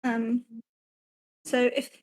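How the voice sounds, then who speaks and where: A woman's voice: fairly high pitch, flat delivery, very slow, darkish tone, no echo, poor audio. A woman playing in a tabletop game, talking hesitantly with many ums and restarts. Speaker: player. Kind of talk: casual in-character play.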